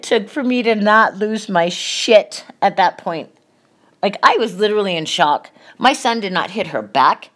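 A woman's voice: medium pitch, very animated, moderate pace, a bit bright. A middle-aged woman hosting a podcast, telling a painful family story in a candid, emotional way and swearing freely. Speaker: podcast host. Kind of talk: personal confessional monologue.

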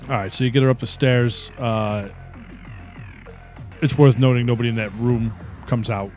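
A man running a tabletop game as game master, describing outcomes in a measured way with some hesitant fillers. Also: medium pitch, steady tone, a little mellow, faint music behind.

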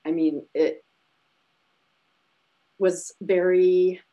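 A woman's voice: on the low side, level tone, drawn-out words, warm tone, highs cut off. A woman co-hosting a podcast, chatting casually and animatedly retelling a film plot with emotion. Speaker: podcast co-host. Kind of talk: casual chat.

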